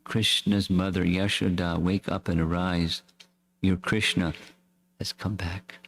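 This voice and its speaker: A man reading as a calm, gentle young woman. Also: lowish voice, unhurried, gravelly, a little hiss or hum. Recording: echoey hall reverb.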